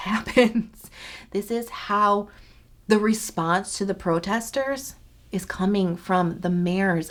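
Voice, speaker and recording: A woman vlogger talking earnestly to camera, pleading and repeating herself for emphasis. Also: on the low side. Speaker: skincare YouTuber. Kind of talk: earnest direct-to-camera talk.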